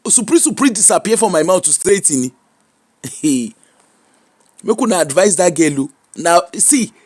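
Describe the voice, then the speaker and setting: High-voiced Nigerian man giving emphatic advice. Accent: Nigerian, Yoruba-inflected. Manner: preachy and emphatic, mixing Pidgin and Yoruba, frequent laughs. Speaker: social media commentator. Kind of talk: animated casual commentary.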